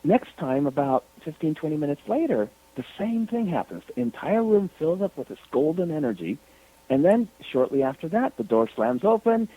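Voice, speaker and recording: A man tells a story on a radio call-in, his voice bouncing up and down as he goes. He sits a bit high for a man, and comes through a thin, tinny phone line. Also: normal speed. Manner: animated, lively retelling. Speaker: radio show guest.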